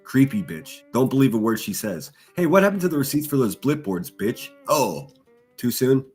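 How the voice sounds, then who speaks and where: A man's voice: medium pitch, big pitch swings, moderate pace, darkish tone, husky, faint music behind. A man hosting a livestream, reading chat and mocking people with crude insults and laughter. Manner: insulting, sneering, laughs at own jokes. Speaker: livestream host.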